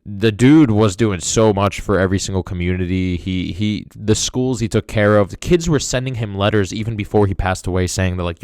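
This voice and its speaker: A man's voice: on the low side, a little fast, few pauses, darkish tone, no echo, studio quality. A young man hosting a podcast, giving a casual, emotional review in a rambling way, full of fillers like "dude" and "man". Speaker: podcast host.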